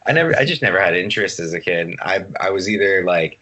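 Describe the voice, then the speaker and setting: A man's voice: sits low, expressive, quick pace, sharp tone. A man in his late twenties, a podcast guest chatting casually over a video call, laid-back and rambling, swearing freely. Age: 20s. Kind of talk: casual chat.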